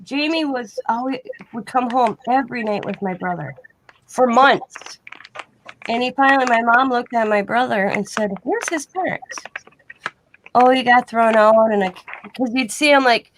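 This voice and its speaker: A woman's voice: a little high, moderate pace, slight background noise. A woman chatting casually on a live online show, rambling through long personal stories and acting out the back-and-forth dialogue in her own voice. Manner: rambling, acts out quoted dialogue in plain voice. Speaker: guest in a live online chat. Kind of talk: casual storytelling chat.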